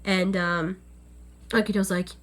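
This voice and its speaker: A woman's voice: medium pitch, little pitch movement, unhurried. A young woman casually recapping an anime episode on camera, chatty and full of fillers. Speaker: anime reviewer. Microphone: on-camera setup.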